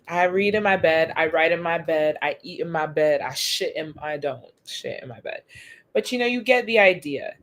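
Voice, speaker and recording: A young woman hosting a casual livestream from her bed, chatting in an excitable, slangy way and calling her viewers "y'all". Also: sits low, moderate pace. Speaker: livestream host. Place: in bed at home.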